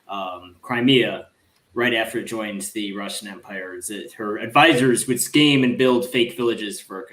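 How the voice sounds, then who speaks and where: A man's voice: on the low side, fairly bright tone, reverberant. A man appearing as a guest on a political discussion podcast, speaking in a sardonic, dismissive way.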